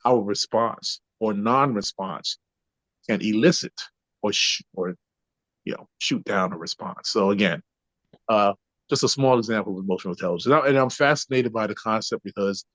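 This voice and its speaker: A man's voice: lowish voice, moderate pace, a bit bright, no echo. A man speaking as a podcast guest and trainer, explaining ideas conversationally and checking in with the listener often. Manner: keeps adding "right?" to check in. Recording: dull lo-fi, dry.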